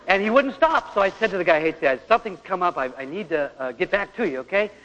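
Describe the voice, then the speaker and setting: A man's voice: high voice, lively intonation, fast talker, noisy background. A middle-aged man preaching a sermon and telling a story from his own family, acting out voices as he goes. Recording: old lo-fi tape in a large hall.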